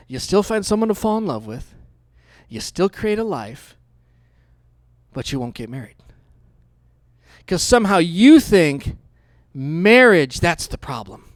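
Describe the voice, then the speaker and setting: A man pastor preaching a sermon in a conversational, storytelling way, swinging between hushed asides and loud outbursts. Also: sits high, no room sound, studio quality.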